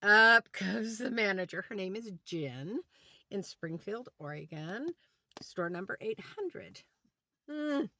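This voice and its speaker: Bright-voiced woman telling a rant. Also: medium pitch, slow, a little hiss or hum. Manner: animated retelling with quoted dialogue. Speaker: vlogger. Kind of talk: ranting storytime. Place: inside a van.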